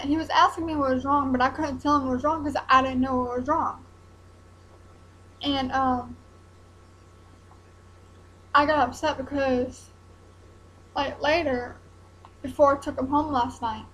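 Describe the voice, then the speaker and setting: A young woman, talking haltingly in a personal vlog while close to tears. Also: high voice, fairly bright tone, poor audio. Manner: hesitant, halting, many ums and restarts.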